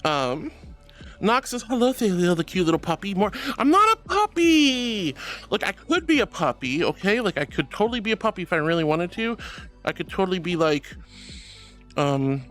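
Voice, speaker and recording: A woman's voice: lowish voice, animated, brisk. A young woman streamer chatting playfully with her viewers, giggling often, with faint music behind her. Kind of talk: casual live-stream chat.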